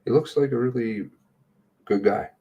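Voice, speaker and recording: A middle-aged man giving casual, sarcastic running commentary on a livestream, blunt and quick to swear. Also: medium pitch, warm tone, breathy edge, dull audio.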